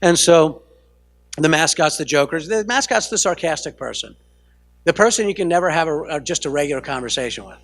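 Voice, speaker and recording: A man's voice: on the high side, lively intonation, brisk, fairly bright tone, no room sound. An American man, a counselor, teaching a family training session in a conversational lecture style, often checking in with "right?" and correcting himself mid-sentence. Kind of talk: lecture to a live audience.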